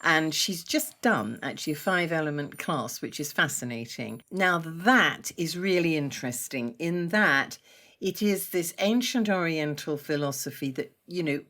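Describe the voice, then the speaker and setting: A woman with a deep, low voice explains her energy medicine practice to an interviewer. She talks in an enthusiastic, chatty flow and laughs often along the way. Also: expressive, unhurried, fairly bright tone. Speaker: energy medicine teacher, podcast guest.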